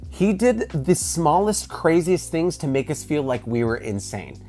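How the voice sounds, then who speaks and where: A man telling a creepy personal story in a casual, animated way, with some swearing. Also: a little high, a little slow, soft background music.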